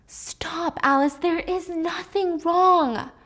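A woman's voice: very high-pitched, fairly even intonation, takes it slowly, a bit bright, voice pushed up, full character voice. A woman voicing a dismissive young husband who brushes off his wife, placating and stern. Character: dismissive husband, engineer, tense and controlling.

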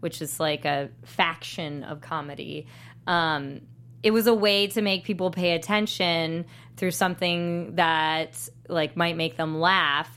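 A woman on a podcast talks in an animated, chatty way, with a lot of "like" and "um". Her voice sits a little low, and she laughs as she talks. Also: a little slow, clear, resonant tone. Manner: animated, filler-heavy, laughing while talking. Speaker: podcast co-host. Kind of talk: casual chat.

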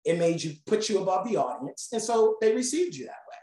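A woman instructor leads a live class with animated storytelling. She acts out quotes with lively swings in voice. The room is echoey. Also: mid-range voice, a little fast. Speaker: communication instructor.

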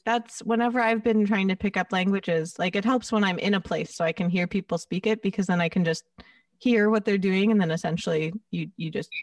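A young woman chatting casually, animated and quick to laugh. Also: mid-range voice, no echo, far from the mic. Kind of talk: casual chat.

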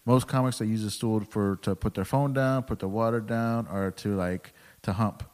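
A man's voice: on the low side, steady tone, normal speed, a little mellow. A man hosting a casual interview podcast, laid back, often nodding along with short agreements. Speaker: podcast host.

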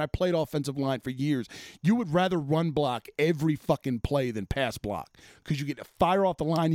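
A man's voice: on the high side, a little mellow, no echo, clean studio sound. Profane, exasperated sports podcast man. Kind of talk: casual sports rant.

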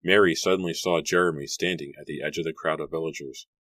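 A man narrating an audiobook in a measured storybook reading. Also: rumbling low, fairly even intonation, fairly bright tone, no room sound.

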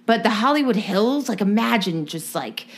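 Lively giggly woman podcast co-host. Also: medium pitch, normal speed. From California. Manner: rambling and giggly, thinks out loud. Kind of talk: casual chat.

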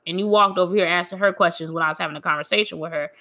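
A young woman talking candidly about her grief and about hurtful people at her church, in a frank, quietly aggrieved way. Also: mid-range voice, very fast, hardly any pauses. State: grieving. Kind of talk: casual personal storytelling.

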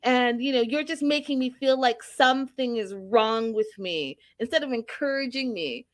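Lady doing a whiny self-pitying twin, pitched up high, petulant. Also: moderate pace, lightly acted. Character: petulant insecure single woman, jealous of her twin.

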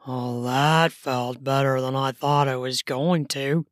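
A woman voicing a mellow, mopey man with a sing-song voice in an erotic audio story. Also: a bass voice, steady tone, slow pace, dry recording, clean studio sound, pitched below the performer's own voice. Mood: content. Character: mellow sing-song middle-aged male lover.

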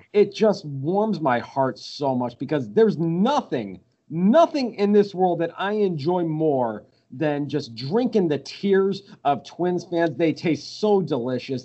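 A man's voice: fairly high pitch, darkish tone. Profane ranting man, muffled audio. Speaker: podcast guest. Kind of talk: casual sports podcast rant.

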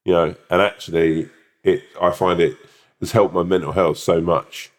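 Very deep-voiced man, casual chat. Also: normal speed. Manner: animated, swears, acts out little voices. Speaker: podcast co-host.

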